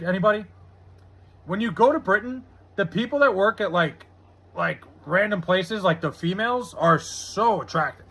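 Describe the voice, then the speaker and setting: High, husky American man rambling. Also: fairly bright tone. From United States. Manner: loose and profane, lots of "like" fillers. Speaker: live streamer reading chat. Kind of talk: casual rambling chat.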